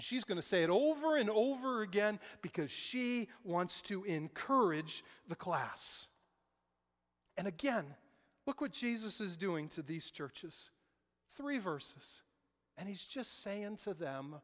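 High-voiced pastor preaching in a hall. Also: male voice, takes it slowly. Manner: animated storytelling, voices quoted people. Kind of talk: sermon. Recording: reverberant hall.

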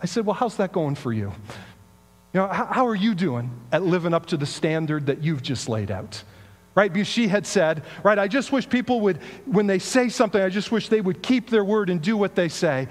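A man's voice: high voice, sing-song, brisk, big-room sound. A man giving a sermon in a conversational storytelling way, asking rhetorical questions. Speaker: pastor.

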